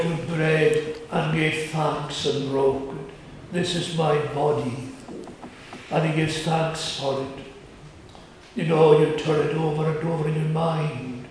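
A man preaching a communion sermon in a church, slow, earnest and measured, with pauses. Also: on the high side, darkish tone. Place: church sanctuary. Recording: very echoey church, distant mic, faint hiss.

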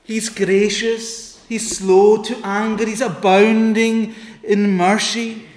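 A man preaching an earnest sermon, pleading with his listeners and pausing for effect. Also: high voice, little pitch movement, echoey room. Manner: earnest, pleading, with dramatic pauses and quoted prayers.

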